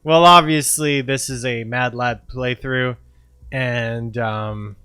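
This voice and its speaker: A man's voice: medium pitch, fairly even intonation, slow pace, bright, forceful tone, smooth, no room sound, studio quality. A man commenting on a game playthrough, joking around, laughing often and reading lines aloud in voices. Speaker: gaming channel host.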